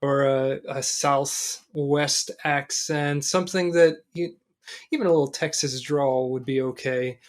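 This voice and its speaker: Slow-talking dude cohosting a gaming podcast, deadpan joking, mid pitch. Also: male voice. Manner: unhurried, tongue-in-cheek, halting with restarts. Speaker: podcast co-host. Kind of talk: casual podcast chat.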